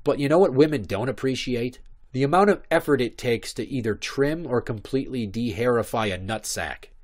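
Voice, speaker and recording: A man in his thirties holds forth on a solo podcast. His voice sits in a middle pitch, and he swears freely as he rambles from one comic story to the next. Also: a little fast, darkish tone. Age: 30s. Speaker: podcast host. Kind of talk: casual comic monologue.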